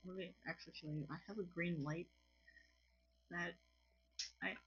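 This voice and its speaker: A woman's voice: fairly low pitch, fairly even intonation, normal speed, dull audio, soft background music. A tired woman with a French accent teaching a casual lesson to camera, chatty and apologetic, often restarting her sentences. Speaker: language teacher on her own channel. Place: home room with colored lights.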